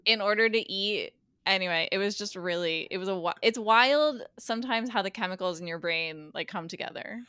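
A woman's voice: mid-range voice, a little fast, bright, forceful tone, smooth, dry recording. A woman recapping a TV episode on a podcast in casual chat, acting out the characters' lines as she goes. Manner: chatty, acts out characters' lines while retelling. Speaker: guest co-host.

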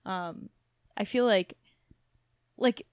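A woman's voice: mid-range voice, very slow, clean tone, no room sound, clean studio sound. Chatty young woman with a faint twang. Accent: faint Southern Midwestern twang. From Missouri. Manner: chatty, many fillers, animated. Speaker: podcast co-host. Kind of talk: casual chat.

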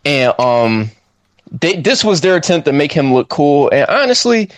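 A lively man talking loosely about a movie, his voice jumping way up whenever he acts out his own reactions. He sits a touch high for a man, and the sound is dry and close with no room around it. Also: moderate pace, dry recording. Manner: animated, swoops up high when quoting himself, slangy. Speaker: podcast co-host reviewing a film. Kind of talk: casual chat.

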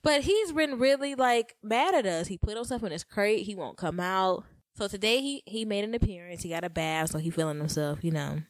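A woman's voice: medium pitch, a little fast, dry recording. A young woman co-hosting a podcast, telling a story about her partner in a chatty, exasperated way. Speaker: podcast co-host. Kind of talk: casual couple banter.

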